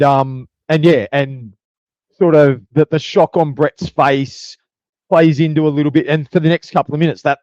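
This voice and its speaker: A man's voice: on the high side, a little mellow, no room sound, lo-fi sound. A man co-hosting a podcast in casual chat, rambling with repeated words and acting out quotes. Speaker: podcast co-host.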